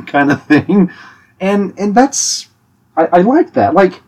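A young man talking casually about concerts in an animated, chatty way, with frequent restarts and laughs. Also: high-pitched, slow. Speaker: podcast host giving concert tips. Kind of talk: casual monologue.

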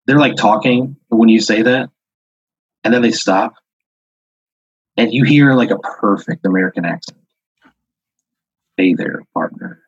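A man's voice: on the low side, normal speed, pauses often, slightly rough, no room sound. A man hosting a podcast, telling an improvised second-person story in a rambling way full of "like" and "uh" fillers. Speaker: podcast host. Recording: dull lo-fi audio.

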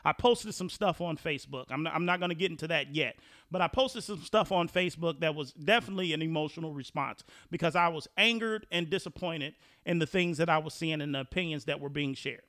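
High, bright-voiced male podcast host. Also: a little fast, dry recording, studio quality. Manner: conversational, repeats and restarts when thinking. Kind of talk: casual podcast talk.

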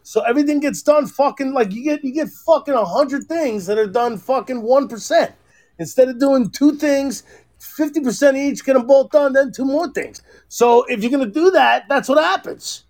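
A man hosting a podcast, telling stories in profane, animated casual chat. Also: very high-pitched, moderate pace. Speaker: podcast host.

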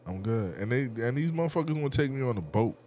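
A man co-hosting a casual podcast, joking with quick slangy retorts. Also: mid-range voice, expressive, a little mellow, a little hiss or hum. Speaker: podcast co-host. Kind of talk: casual live podcast banter.

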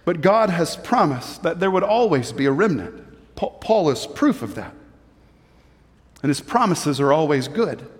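Man, high voice, pastor, sermon, emphatic preaching, repeats words, long hall reverb. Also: very animated, a little slow.

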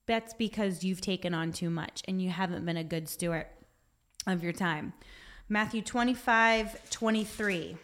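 A woman's voice: lowish voice, a little slow, a bit bright. Woman, devotional talk, earnest, exhorting, reads from notes. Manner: puts on a whiny voice for effect. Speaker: Christian speaker.

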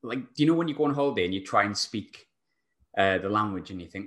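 Male podcast host, chatty and rambling, slightly low pitch. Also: fast, a bit bright. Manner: chatty, rambling, laughs a lot. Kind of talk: casual chat.

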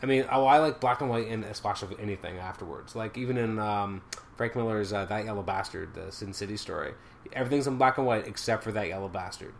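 A man chatting casually about comics, making relaxed, eager recommendations. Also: on the low side, quick pace, creaky, a little hiss or hum.

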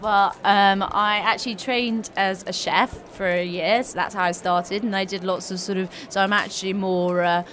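Female guest, business founder, friendly, halting with fillers, faint noise behind. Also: medium pitch, steady tone, a bit bright. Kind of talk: casual interview answers. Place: trade show hall.

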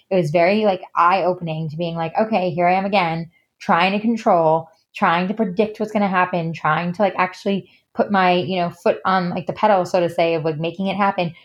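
A woman in her thirties, a podcast guest telling a personal story in a candid, chatty way, full of "like" and "you know". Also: lowish voice. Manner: chatty, heavy use of fillers like "you know" and "like".

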